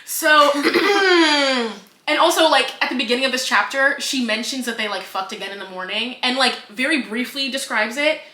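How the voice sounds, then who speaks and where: A woman with a bright, fairly high voice co-hosts a casual book podcast. She retells scenes with animated, acted-out quotes and frequent swearing. The room around her is echoey. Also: a little fast, few pauses. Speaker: podcast co-host. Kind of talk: casual book review chat.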